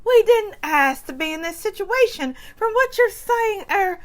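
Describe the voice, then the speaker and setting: A woman's voice: extremely high pitch, animated, measured pace, pitched above the performer's own voice. A woman impersonating a haughty socialite who fakes a British accent in a prim, defensive way.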